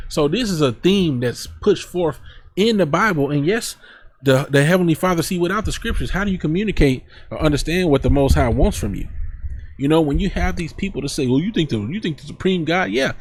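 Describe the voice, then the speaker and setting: A man's voice: a little high, animated, brisk, a little hiss or hum. A man teaching from scripture, reading verses aloud and then explaining them in casual, blunt street talk. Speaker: preacher.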